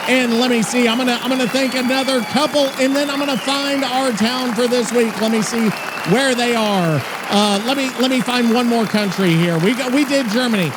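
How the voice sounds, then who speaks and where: A man co-hosting a gaming podcast, talking loudly and casually, swearing often and rambling with restarts. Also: extremely high pitch, normal speed, a crowd in the background, noisy background. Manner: loud, profane, rambling with restarts. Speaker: podcast co-host.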